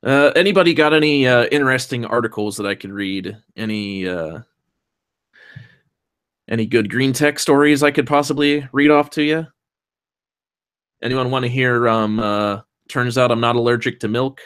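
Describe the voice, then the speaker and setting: A man's voice: mid-range voice, normal speed, fairly bright tone, clear, resonant tone. Young guy on stream, rambly, swears a lot, hums between thoughts. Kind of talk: casual chat with stream chat and co-host.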